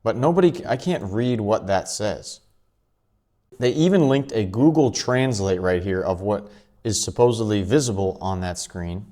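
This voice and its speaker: A man hosting his own commentary vlog, talking quickly and offhandedly with chuckling asides. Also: fairly low pitch, lively intonation, warm tone. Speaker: channel host.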